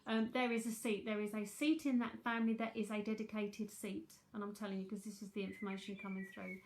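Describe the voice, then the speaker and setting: A woman's voice: medium pitch, little pitch movement, fast talker, darkish tone. A woman with a London accent giving a chatty live psychic tarot reading from home, repeating herself as she talks to viewers.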